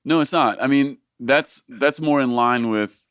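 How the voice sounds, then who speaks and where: Male podcast host, reflective, preacherly, dry close sound, mid pitch. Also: measured pace, fairly bright tone, clean tone, no echo. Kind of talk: casual podcast conversation.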